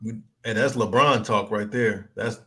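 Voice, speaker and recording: A man co-hosting a podcast in casual sports chat, making wry, drawn-out jabs. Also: fairly low pitch, fairly even intonation, bright, forceful tone. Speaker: podcast co-host.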